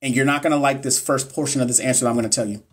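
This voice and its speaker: A man's voice: mid-range voice, steady tone, racing, slightly rough. A man coaching nursing students on a livestream. He reads chat comments aloud and answers viewers by name in a blunt, profane, encouraging way.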